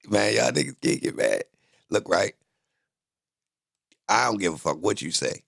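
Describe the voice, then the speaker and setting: A man streaming a reaction to a court video, joking loudly in profane slang. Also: lowish voice, lively intonation, a little slow, vocal fry, long pauses. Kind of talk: casual reaction commentary.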